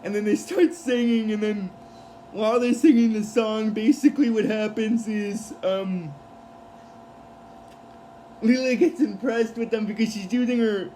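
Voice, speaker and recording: A man's voice: high voice, steady tone, unhurried, dark tone, a little hiss or hum, rough recording. A man giving a casual episode recap, rambling with many fillers and restarts. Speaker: show recap vlogger.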